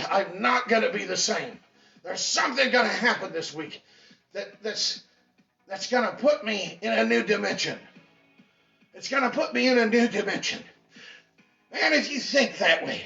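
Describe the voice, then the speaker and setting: A man giving an impassioned motivational pep talk as a fitness instructor, preachy and repetitive, bursting into shouts. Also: high voice, vocal fry. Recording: echoey, distant, dull mic with faint music.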